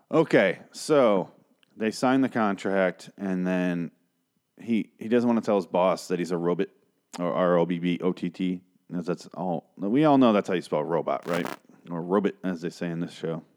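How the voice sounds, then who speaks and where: A man's voice: sits low, normal speed, darkish tone. A man ranting casually about an old TV episode, exasperated and profane, rambling with lots of asides.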